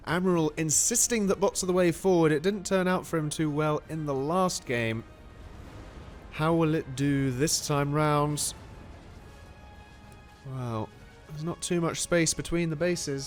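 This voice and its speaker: A man giving excitable, animated play-by-play commentary on a strategy game. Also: on the high side, a little slow, faint music behind.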